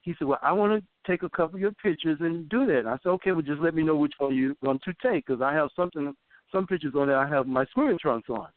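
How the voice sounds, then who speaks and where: A man's voice: on the high side, fast, no echo. Man in his fifties, over a tinny phone line. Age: 50s. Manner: animated storyteller who acts out quoted voices. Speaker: interview guest. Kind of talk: casual phone interview.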